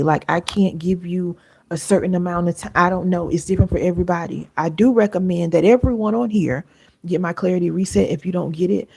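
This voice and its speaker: A woman with a lilt talks straight to her livestream viewers, earnest and chatty, calling them y'all. Her voice is low, gravelly and a little husky, with a warm, mellow tone. She sits close to a sensitive mic. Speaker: wellness coach hosting a livestream. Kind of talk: live stream talk to viewers.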